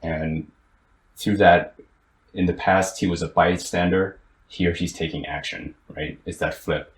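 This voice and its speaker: A young man co-hosting a podcast, retelling a story in casual chat with lots of restarts and fillers. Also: deep voice. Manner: animated, halting storyteller with many restarts. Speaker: podcast co-host. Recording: roomy, with faint ambient noise.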